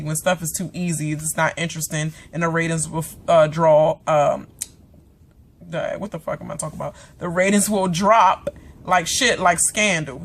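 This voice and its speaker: Woman, vlogger, casual rant, dramatic, profane, chatty, lots of fillers. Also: on the low side. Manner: dramatic, swears freely, acts out characters; chatty with many fillers and asides. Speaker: vlogger reviewing a TV episode.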